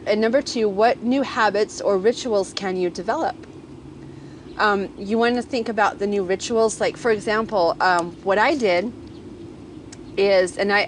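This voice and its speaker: A woman's voice: medium pitch, slight background noise. A woman business coach teaching in a casual, conversational way, often checking in with her viewers. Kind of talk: casual teaching talk to camera.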